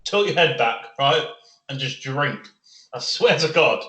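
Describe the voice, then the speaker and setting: A man co-hosting a podcast in crude casual banter, excitable, swearing and eager to tell stories. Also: medium pitch, measured pace, reverberant, crowd noise. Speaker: podcast co-host.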